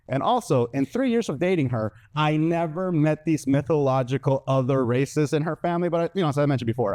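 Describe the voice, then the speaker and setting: A man's voice: on the high side, expressive, a little fast, a little mellow, no echo. Brash man telling stand-up stories. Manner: brash storytelling, acting out quotes in other voices. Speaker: stand-up comedian. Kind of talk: stand-up storytelling.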